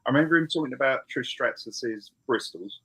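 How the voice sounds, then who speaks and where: A man talking casually as a guest, agreeable and quick to laugh. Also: mid-range voice, very noisy. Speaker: band member guest. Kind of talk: casual chat.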